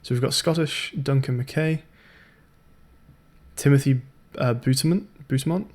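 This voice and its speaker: A man's voice: medium pitch, fairly even intonation, slow pace, a little mellow. A young man streaming a puzzle game, thinking aloud in a chatty, hesitant way with lots of ums. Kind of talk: casual let's-play commentary.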